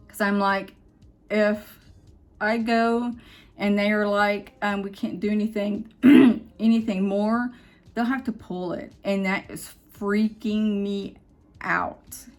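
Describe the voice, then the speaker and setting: A woman's voice: medium pitch, fairly even intonation, a little mellow. A woman vlogger telling a personal story in a casual, emotional way, quoting others as she retells it. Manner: emotional, quotes others in quick retold dialogue.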